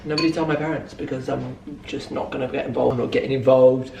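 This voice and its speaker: A man's voice: medium pitch, steady tone, quick pace, gravelly, darkish tone, slight background noise. A young British man vlogging at home in a playful, camp, joking manner, often breaking into silly sung bits. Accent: British English. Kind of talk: casual comedic vlog.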